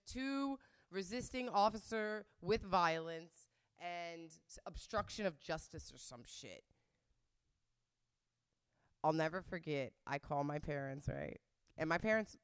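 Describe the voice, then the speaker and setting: A woman's voice: lowish voice, expressive, moderate pace, a bit bright, clean tone. Rambling, profane young woman vlogger. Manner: rambling, profane, heavy filler words. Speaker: vlogger answering viewer questions. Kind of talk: casual storytelling.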